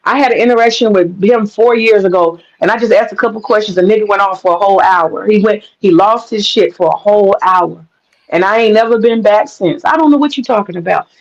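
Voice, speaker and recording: A woman's voice: medium pitch, fairly quick. A woman calling into a live stream, arguing insistently and mockingly, repeating her points with crude slang. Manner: insistent, repeats phrases for emphasis. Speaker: guest caller on a live stream panel. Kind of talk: heated live stream argument. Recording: dull lo-fi stream audio.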